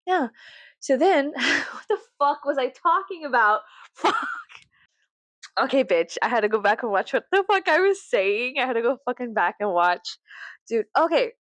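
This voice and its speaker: A woman YouTuber with a Southern US accent and a mid-range voice rambles casually to her viewers, profane and self-mocking, laughing often. There's no echo.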